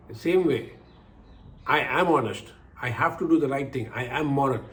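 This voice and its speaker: Older guy telling his own stories as life lessons, animated, keeps repeating lines for emphasis. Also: mid-range voice, normal speed, slight background noise. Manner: animated, acts out quoted voices, repeats phrases for emphasis. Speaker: speaker giving life lessons. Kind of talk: personal storytelling talk.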